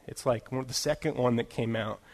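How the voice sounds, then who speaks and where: A man preaching a sermon in a conversational way, full of "you know" fillers and self-deprecating laughs, slowing into emphatic phrases to drive points home. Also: medium pitch, fairly even intonation, darkish tone. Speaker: pastor.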